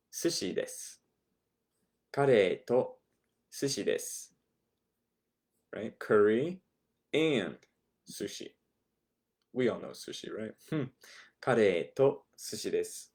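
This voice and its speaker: A man's voice: fairly low pitch, big pitch swings, slow pace, pauses often, a little mellow. A young man teaching a language class, explaining patiently and repeating each phrase for his students. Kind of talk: recorded online lesson.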